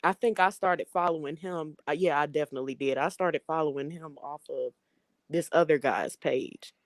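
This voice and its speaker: A young woman talks as a guest on a casual show, soft-spoken and easygoing. Her voice sits a little low for a woman. The sound is dry, with no room echo. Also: moderate pace. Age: young adult. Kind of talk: casual interview chat.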